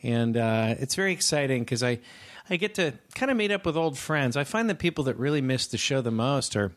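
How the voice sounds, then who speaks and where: A man's voice: medium pitch, lively intonation, fairly quick. A man hosting a comedy talk show, rambling through absurd, mock-serious chatter with his guest. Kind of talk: deadpan comedic interview chat.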